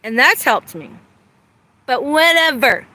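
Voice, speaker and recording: High, bright-voiced woman ranting profanely. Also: very animated, takes it slowly. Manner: profane, angry, accusatory. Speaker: vlogger. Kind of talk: ranting vlog monologue. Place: outdoors.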